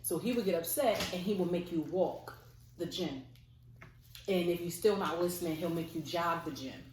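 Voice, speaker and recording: A woman's voice: on the low side, normal speed. A woman vlogger casually telling a personal story to camera. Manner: casual, lively storytelling with fillers. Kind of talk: storytime chat. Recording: echoey room, faint noise.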